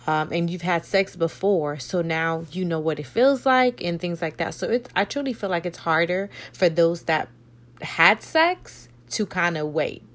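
A woman hosting her own faith podcast, talking in an animated, playful way with slangy asides. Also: on the low side. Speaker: podcast host. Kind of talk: casual faith talk podcast.

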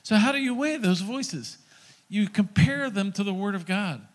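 A middle-aged man preaching, his voice sitting a little above the usual male pitch. He tells the story as a sermon and acts out each quoted line with lively swings in his delivery. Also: moderate pace. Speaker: pastor.

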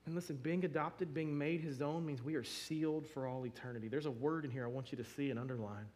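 A man preaching to his church, his pitch sitting a little above the usual for a man. He tells emotional stories in an animated, lively way, full of restarts and quick bursts of feeling. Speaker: pastor. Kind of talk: sermon.

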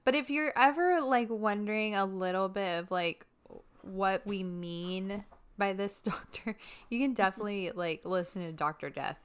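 A woman's voice: medium pitch, moderate pace, clean tone. A young adult woman co-hosting a casual chat podcast, venting in a conversational way and swearing when frustrated. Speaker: podcast co-host.

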